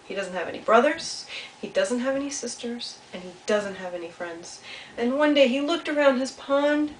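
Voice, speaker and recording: A woman telling a children's story with puppets, animated and asking the kids questions. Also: fairly high pitch, normal speed. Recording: roomy sound from a distance, faint hiss.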